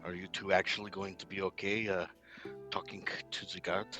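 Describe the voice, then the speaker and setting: A man's voice: low voice, little pitch movement, moderate pace, over music. A man playing a tabletop game, speaking in formal, wordy phrases broken by hesitant fillers. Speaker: player. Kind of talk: casual tabletop game play.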